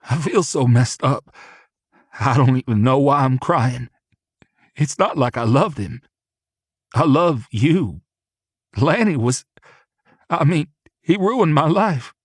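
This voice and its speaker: An upset, tender young man talks in halting bursts, as a male audiobook reader voices him. The voice is husky and fairly low. The sound is close and dry. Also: no echo. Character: young man, emotional, tender, shaken boyfriend. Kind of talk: audiobook character voice.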